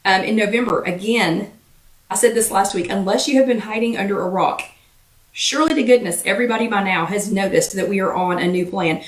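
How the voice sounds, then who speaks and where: Fast-talking Southern woman hosting a chat. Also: medium pitch, echoey room, far from the mic, slight background noise. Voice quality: slightly irritated voice. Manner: fast-talking, chatty, greets many viewers by name. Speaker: host of a live weight-loss chat. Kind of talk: casual livestream chat greeting viewers.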